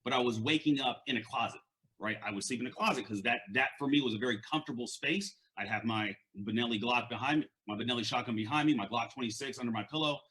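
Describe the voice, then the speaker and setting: A man's voice: mid-range voice, quick pace, sharp tone. A man with a stutter giving an earnest, conversational motivational talk as a leadership and mindset coach, often repeating words.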